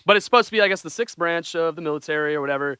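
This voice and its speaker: A young man co-hosting a casual podcast chat, excitable, laughing often and swearing casually. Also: fairly high pitch, racing, clean tone, no room sound, studio quality. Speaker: podcast co-host.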